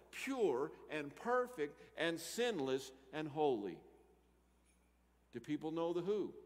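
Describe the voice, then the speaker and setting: Pastor guy preaching, big swings loud to soft, reverby church hall. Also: on the high side. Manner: animated, swings between loud emphatic lines and quiet asides. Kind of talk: sermon. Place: church sanctuary.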